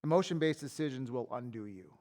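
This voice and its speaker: A man's voice: medium pitch, expressive, quick pace, a little mellow. A man preaching a sermon as pastor in a church, telling candid personal stories in a conversational way and repeating words as he builds a point. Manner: repeats and restarts words when worked up.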